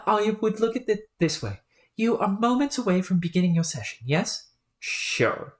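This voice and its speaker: A woman voicing an eager, polite young alien girl scholar in a put-on British accent, talking in a chatty, formal and excitable way. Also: fairly low pitch, close to an everyday voice.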